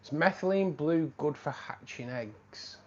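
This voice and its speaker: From a room at home, a man hosts a casual livestream, chatting with viewers, calling them mate, and reading out the chat. His slightly high voice is animated and unhurried but starting to tire, and the sound is lo-fi.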